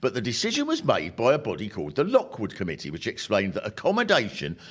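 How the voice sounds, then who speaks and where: Animated, wry stand-up comedian man. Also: on the low side, fast talker, husky. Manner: wry, animated, punchline-driven. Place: live venue with audience. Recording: noisy live recording with audience laughter.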